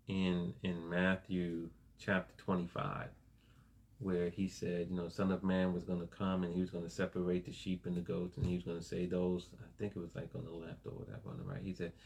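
A man's voice: deep voice, creaky. A man preaching a sermon in a casual, conversational way, often asking "right?" and laughing along with listeners. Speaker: pastor.

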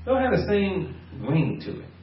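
Lively laughing pastor in an echoey hall. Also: male voice, sits high, moderate pace, slight background noise. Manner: lively, playful, laughs often, acts out voices. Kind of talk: sermon. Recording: echoey room, voice from far off, dull sound.

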